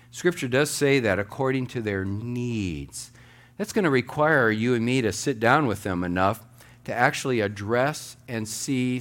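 A man preaching a sermon as pastor, animated, acting out little quoted asides as he teaches. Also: mid-range voice.

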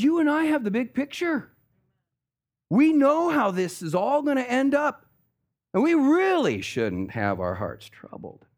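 Animated man preaching a casual sermon. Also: sits high. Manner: lively preaching, casual slang, acts out stories. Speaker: pastor.

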